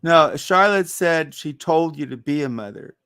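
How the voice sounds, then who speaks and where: A man's voice: a little high, expressive, a little slow, a bit bright, clean tone, no room sound, clean studio sound. A man hosting a casual live panel, easygoing and mildly stirring the guests. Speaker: host.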